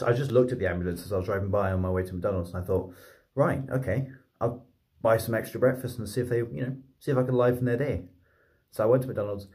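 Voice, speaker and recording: A man, telling a story to camera in a chatty, rambling, excitable way. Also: lowish voice. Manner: chatty, rambling, excitable, with many fillers and restarts. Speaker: vlogger and streamer.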